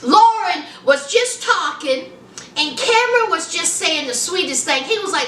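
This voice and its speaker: Woman host, very high and lively voice, unhurried sassy chat, echoey room, mic off at a distance. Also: a little hiss or hum. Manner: sassy, chatty, calls viewers honey and child. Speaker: show reviewer. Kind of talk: casual TV review chat.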